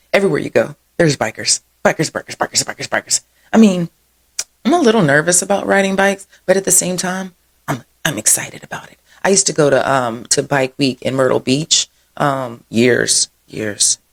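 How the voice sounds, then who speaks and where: At a normal speed, the host of a local events show covers what's going on in a low voice with gravel and vocal fry. Loose and chatty, she detours into side stories, laughs freely and leans on "y'all" constantly.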